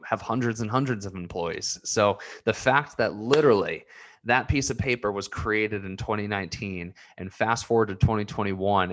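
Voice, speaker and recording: A man's voice: lowish voice, a bit bright. Earnest, emotional man rambling on camera. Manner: emotional, earnest, repeats himself. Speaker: vlogger. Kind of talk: rambling personal vlog.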